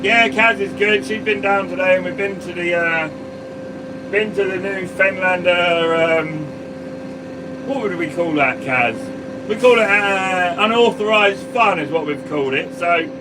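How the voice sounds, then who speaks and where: A man, a farmer, chatting casually on a live stream from his sprayer cab and greeting viewers by name. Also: high voice. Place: sprayer cab on a farm field. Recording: mic at a distance, vehicle noise.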